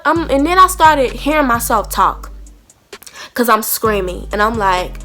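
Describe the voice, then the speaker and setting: A young woman, telling an animated storytime to camera and acting out both sides of a heated argument. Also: high voice, normal speed, faint music behind. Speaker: storytime vlogger.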